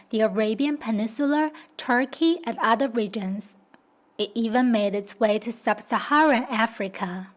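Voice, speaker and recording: A woman narrating a scripted documentary voice-over in a steady, explanatory way. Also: fairly high pitch.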